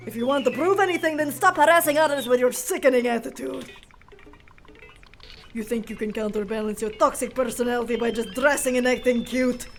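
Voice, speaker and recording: A woman's voice: fairly high pitch, brisk, faint music behind, pitched below the performer's own voice, lightly acted. A woman voicing a shy but cutting teenage girl with a mock Russian accent, speaking coldly and bitingly. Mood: cold scorn. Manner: cold, biting.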